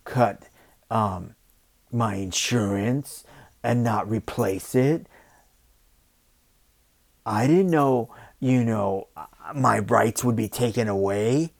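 Man putting on a dim, whiny male voter voice, slow and a bit loud. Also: on the low side, vocal fry, heavily acted. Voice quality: dopey put-on dumb voice.

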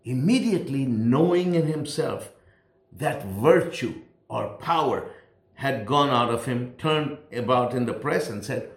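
A man's voice: medium pitch, measured pace, a bit bright. Emphatic preacher man, echoey room. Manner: emphatic, repeats key phrases for stress. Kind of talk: sermon.

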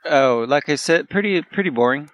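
A man's voice: on the high side, expressive, moderate pace, fairly bright tone, muffled recording. A man co-hosting a casual podcast chat, speaking in a mild, understated way. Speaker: podcast co-host.

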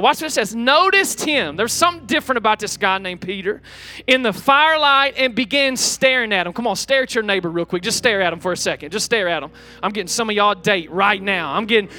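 A young adult male pastor preaching an energetic sermon to a congregation, joking with the crowd. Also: very high-pitched. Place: church auditorium with live congregation.

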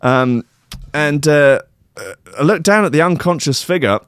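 A man's voice: fairly high pitch, expressive, normal speed, long pauses, clear, resonant tone, no room sound, clean studio sound. A man hosting a comedy show, rambling through a silly story with lots of fillers. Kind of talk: comic storytelling.

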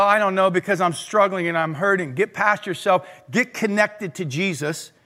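An energetic man preaches a sermon from the pulpit, often calling out to his congregation to answer him. His voice sits high and comes across bright and forceful. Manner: energetic, calls on the congregation to respond. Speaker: pastor. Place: church service.

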